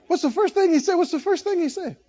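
A male preacher giving an animated sermon, exhorting the congregation and laughing often. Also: very high-pitched, fast talker, lo-fi sound.

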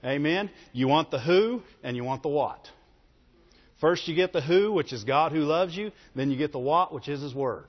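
A male preacher delivers an emphatic sermon in a notably high voice, pressing his listeners with call-and-response questions. His words ring out with a long reverberant tail, as if filling a large hall. The recording itself sounds dull and lo-fi. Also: expressive, moderate pace. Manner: emphatic, calls for audience response.

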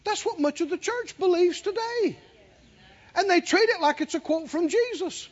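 The preacher here is a man with a very high voice speaking at normal speed. He's animated, laughing as he tells his story and calling out to the congregation, on a dull, lo-fi recording of the sermon.

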